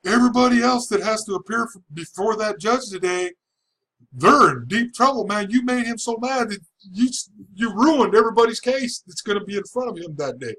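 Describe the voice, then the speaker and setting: A man's voice: high-pitched, expressive, fairly quick, a bit bright, voice pushed up, low-quality recording. A casual male bailiff scolds someone in a slightly raised voice, as a man plays him. He sounds matter-of-fact while he chides. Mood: chiding.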